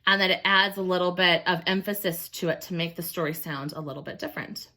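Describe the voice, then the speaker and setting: Maestra de voz brillante leyendo en voz alta. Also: female voice, lowish voice, fast talker. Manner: expressive, explains and asks questions. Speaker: teacher. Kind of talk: reading a picture book aloud to children.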